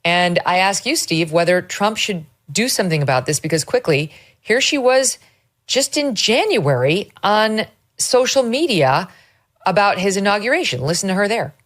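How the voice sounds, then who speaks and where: A woman hosting a political talk show, speaking in an animated, emphatic way. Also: mid-range voice, normal speed.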